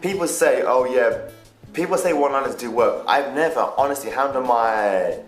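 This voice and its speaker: A man's voice: medium pitch, normal speed. A young man rambling through casual dating advice, chatty and loose, swearing and restarting his sentences. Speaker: vlogger. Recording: echoey room with faint music.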